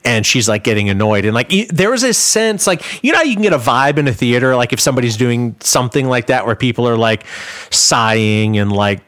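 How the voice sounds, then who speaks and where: A man of middle pitch tells a story in loose, casual chat and keeps circling back with "like" and "you know". His voice sits close and dry, with no room around it. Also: expressive, brisk, fairly bright tone, no echo. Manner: rambling, many filler "like"s. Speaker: guest musician.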